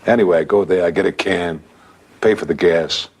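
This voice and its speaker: Deep husky older New man. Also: brisk. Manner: conversational, acts out voices in his telling. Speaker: storyteller. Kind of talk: telling a personal ghost story.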